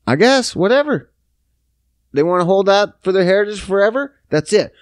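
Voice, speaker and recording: A man's voice: sits high, expressive, moderate pace, no room sound, studio quality. A man, hosting a podcast, ranting about politics, sarcastic and swearing constantly. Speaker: podcast host. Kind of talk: profane political rant.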